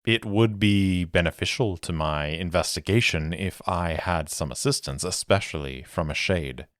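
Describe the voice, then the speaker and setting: A man's voice: deep voice, moderate pace, fairly bright tone, dry recording, studio quality. A man voicing a careful, polite male mercenary investigator with formal speech. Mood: wary.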